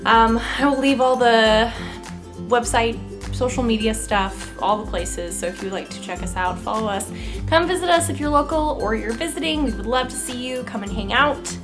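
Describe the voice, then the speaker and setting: A woman's voice: a little high, moderate pace, music in the background. A young adult woman hosting a knitting podcast, chatting casually and bubbly, laughing often. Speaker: podcast host. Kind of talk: casual chat.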